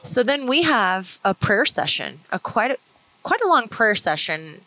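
A woman co-hosting a podcast and calmly retelling her own story in casual talk. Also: mid-range voice, unhurried, poor audio. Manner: calm, steady retelling. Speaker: podcast co-host, testimony speaker.

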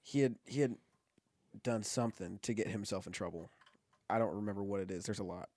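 A young man, the host's son, chatting casually and telling a family story with an easy, relaxed manner. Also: lowish voice, a little fast, dry recording, studio quality.

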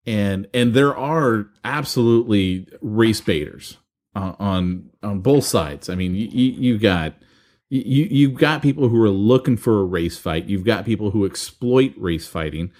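A man's voice: fairly low pitch, unhurried, darkish tone. A man co-hosting a podcast in casual chat, bantering and rambling on as he makes his points. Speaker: podcast co-host.

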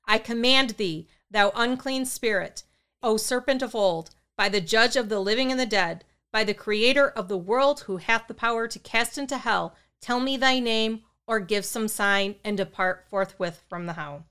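Woman voicing a stern booming priest exorcist. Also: moderate pace, smooth. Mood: solemn command. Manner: booming commands, stern and flat. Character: stern, forceful middle-aged male priest exorcist.

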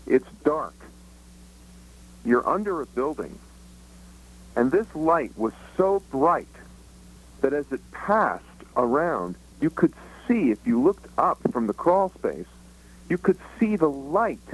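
A man's voice: fairly high pitch, sing-song, husky, rough recording. Eager man jumping in with vivid retelling. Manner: quick, eager, jumps in with vivid scene-setting. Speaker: book co-author guest. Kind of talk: radio interview commentary.

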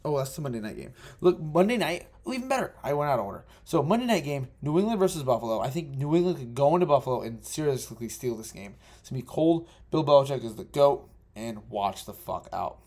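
Young guy doing a solo football picks podcast, mellow voice, swears a lot, keeps correcting himself, kinda rough home audio. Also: mid-range voice, animated, fast. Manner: rambling, profane, self-correcting. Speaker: podcast host. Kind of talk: casual solo sports podcast.

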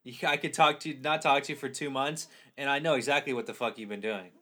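A man's voice: mid-range voice, steady tone, fast, pushed and bright. A young man co-hosting a podcast in casual chat, rambling and joking, with lots of fillers and swearing. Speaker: podcast co-host.

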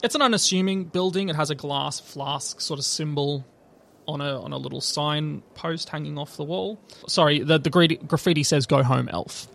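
Gravelly-voiced man running a tabletop game. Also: on the high side, moderate pace, a bit bright. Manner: loose and hesitant, many fillers and restarts. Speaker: game master.

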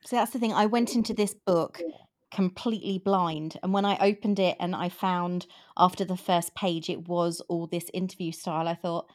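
Host, woman in her fifties, lowish voice, animated and rambling. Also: moderate pace. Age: 50s. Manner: animated, laughs often, rambling. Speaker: podcast host. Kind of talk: casual book chat.

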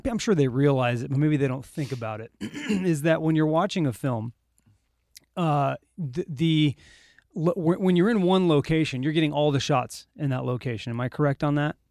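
A man's voice: a little high, expressive, normal speed, a little mellow, no room sound, studio quality. A man hosting a casual chat, agreeable and asking questions. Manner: agreeable, asks questions, frequent yeahs.

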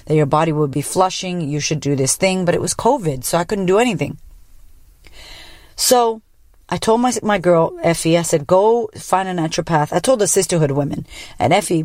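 A woman hosting a podcast, telling a personal story in a blunt, profane, animated way. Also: low-pitched, no echo, studio quality. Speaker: podcast host. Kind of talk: casual personal monologue.

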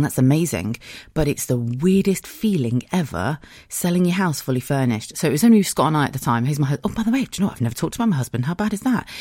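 A woman's voice: very deep voice, a little mellow, no echo, studio quality. Candid, sweary British woman rambling. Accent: British English. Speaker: podcast host. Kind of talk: casual chat monologue.

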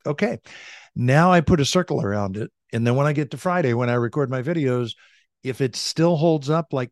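A middle-aged man, a leadership coach, telling stories in a casual, energetic way on a podcast, talking from his home office. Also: mid-range voice, fairly quick, no room sound, studio quality. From California. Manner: energetic, conversational, frequent "like" and "right?". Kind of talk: podcast interview, storytelling. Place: home office with a large bookshelf. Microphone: studio desk mic.

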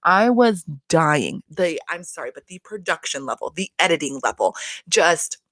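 A woman's voice: fairly low pitch, big pitch swings, moderate pace, fairly bright tone, no room sound. A woman hosting a casual reality TV recap, talking bluntly with constant swearing and exasperated rants. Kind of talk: casual profane recap chat.

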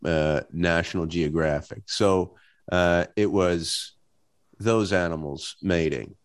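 A man with a low voice co-hosting a relaxed podcast chat. He laughs easily and adds his own memories of the story. His tone stays loose and friendly. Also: slow pace. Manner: laughs often, adds details. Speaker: podcast co-host. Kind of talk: casual chat.

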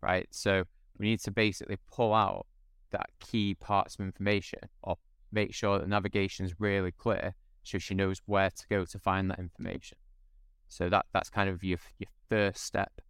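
A man's voice: low voice, little pitch movement, normal speed, vocal fry, a bit bright, clear, resonant tone, no echo, studio quality. A man speaking as a podcast guest, explaining steadily in casual conversation.

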